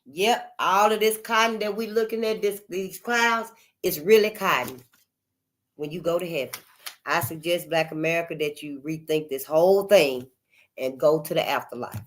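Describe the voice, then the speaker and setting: A woman's voice: fairly low pitch, moderate pace. An older woman hosting her channel in a casual, unscripted monologue, emphatic and repetitive, calling her listeners honey. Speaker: channel host.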